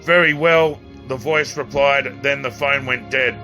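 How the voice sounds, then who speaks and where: A man's voice: medium pitch, level tone, music in the background. A man reading his own novel aloud as an amateur audiobook, stumbling and restarting lines now and then. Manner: halting reading with restarts and slips.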